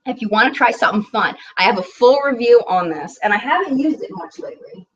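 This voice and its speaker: A woman's voice: on the high side, animated, fast talker, husky, lo-fi sound. Bubbly woman hosting a beauty live chat. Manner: chatty, bubbly, reads comments aloud. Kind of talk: casual live chat reading viewer comments.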